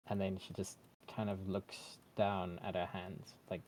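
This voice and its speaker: A man narrating his character's actions in a tabletop role-play game, soft-spoken and halting. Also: low voice, little pitch movement, slight background noise, low-quality recording. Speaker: player. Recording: remote call audio.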